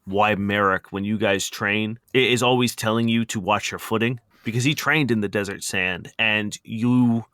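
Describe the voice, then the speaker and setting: A man narrating a tabletop game as game master, quick and lively, laughing now and then. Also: fairly low pitch, clear, resonant tone, no echo, studio quality.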